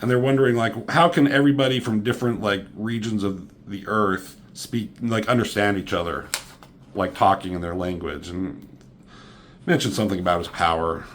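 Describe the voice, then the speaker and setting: A man casually reviewing a comic book, sarcastic and profane, mocking the characters with quick impressions. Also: fairly low pitch, steady tone, slight background noise.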